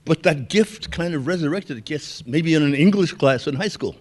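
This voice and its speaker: A man's voice: a little high, lively intonation, normal speed. Older man telling folksy stories. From Brooklyn, New York. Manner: folksy, anecdotal, chuckles with the audience. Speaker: keynote speaker. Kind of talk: storytelling speech.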